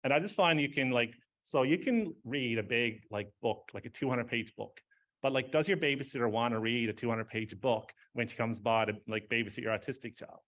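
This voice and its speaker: A man's voice: mid-range voice, fairly quick, a bit bright. A man giving an informal speech at an award ceremony, rambling, with many fillers and frequent laughs.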